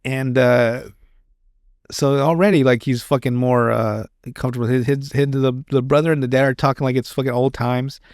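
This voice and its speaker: A man's voice: medium pitch, fairly even intonation, normal speed, darkish tone, smooth, no echo, studio quality. A man hosting a podcast, recapping a show in casual chat, rambling and swearing with many restarts. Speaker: podcast host.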